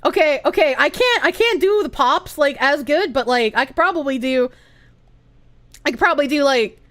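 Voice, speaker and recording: A woman's voice: sits high, animated, fairly quick, fairly bright tone. A woman streamer reacting to a clip in casual chat, giggling and swearing freely. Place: room with echo dampeners.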